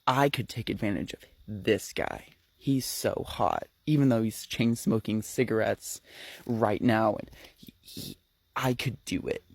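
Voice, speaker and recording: A man's voice: fairly low pitch, measured pace, no room sound, pitched below the performer's own voice. A man voicing a frantic, cocky young woman. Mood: scheming. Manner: frantic, breathy, slips into whispers.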